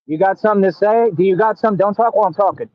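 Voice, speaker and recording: A man's voice: high voice, quick pace, a crowd in the background. A man hosting a livestream, boastful and scolding, full of streetwise slang. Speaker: livestream host. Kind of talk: confrontational livestream talk. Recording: tinny phone-like dry audio.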